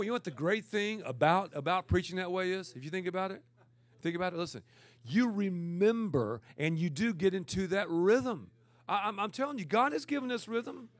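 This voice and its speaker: High-voiced, laughing man preacher. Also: no echo. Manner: animated, laughing, repeats words, breaks into impressions. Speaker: guest preacher. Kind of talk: humorous conference talk.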